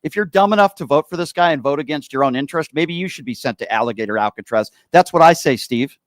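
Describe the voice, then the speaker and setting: A man's voice: a little high, fast, no echo, studio quality. A man hosting a political call-in show, talking bluntly and sarcastically, fired up. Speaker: radio show host.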